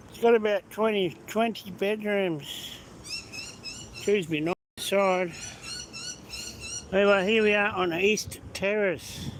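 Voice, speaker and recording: A man's voice: high-pitched, slow, pauses often, low-quality recording. A man chatting casually on a live stream as he walks city streets, answering viewer comments. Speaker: vlogger. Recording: street noise behind phone audio. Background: traffic and street noise.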